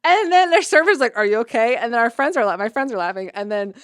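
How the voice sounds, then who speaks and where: A woman's voice: a little high, fast talker, a little hiss or hum. A young adult woman, an athletic trainer, telling a story in casual podcast talk, with "like" in nearly every phrase. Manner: chatty, heavy use of "like", animated retelling.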